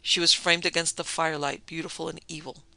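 A male storyteller reads a dark tale in a measured, dramatic way. His voice is bright and edgy, with a gravelly rasp. The sound is close and dry, with a flat melody. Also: on the high side, no echo, poor audio. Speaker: narrator.

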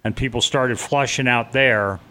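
A middle-aged man tells his story in earnest, halting conversation. He stumbles and restarts mid-sentence and slips into the voices of the people he remembers. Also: mid-range voice, sharp tone. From New York. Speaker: interviewee recounting a disaster escape.

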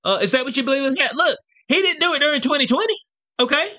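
A male vlogger rants through a casual, slang-heavy commentary, full of rhetorical asides and constantly asking viewers "you know what I'm saying." His very high voice is expressive, quick, bright, and forceful.

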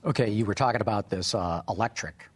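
A man interviewing a guest, briskly reading off a list of questions. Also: on the low side.

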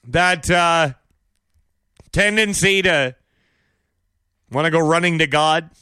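A podcast host with a high, tense, bright voice gives an opinionated solo commentary, needling listeners with sarcastic rhetorical questions and mocking asides and breaking into exaggerated shouted impressions. He speaks slowly and smoothly with frequent pauses. The recording is close and dry, with no echo or sense of a room.

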